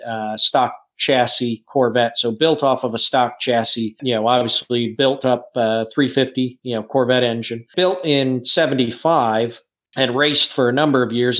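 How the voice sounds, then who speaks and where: A man's voice: mid-range voice, a bit bright. Informative man talking classic cars. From Northern United States. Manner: informative, detailed, slight stammering restarts. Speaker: podcast co-host, car museum expert. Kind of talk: casual podcast chat.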